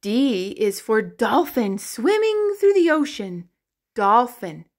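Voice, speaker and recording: A woman teaching the alphabet to toddlers in a slow, sing-song, exaggerated way, with playful animal sounds. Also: fairly high pitch, sing-song. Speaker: children's educator.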